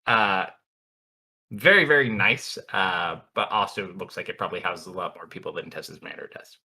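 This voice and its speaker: A man's voice: low-pitched, normal speed, pushed and bright, husky. A man narrating a tabletop role-playing game as dungeon master in a laid-back way, often laughing as he goes.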